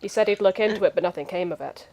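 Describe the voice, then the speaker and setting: A woman player in a casual tabletop game, arguing her point in a brisk, insistent way over a voice call. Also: medium pitch, darkish tone.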